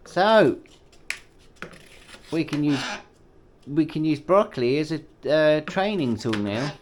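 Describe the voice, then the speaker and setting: Guy doing silly baby talk to his cockatoo, slow and swoopy, bit of faint hiss. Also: fairly high pitch. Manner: playful sing-song baby talk, coos and cheers at the bird. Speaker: pet owner and channel host. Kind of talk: casual vlog talk to his pet cockatoo.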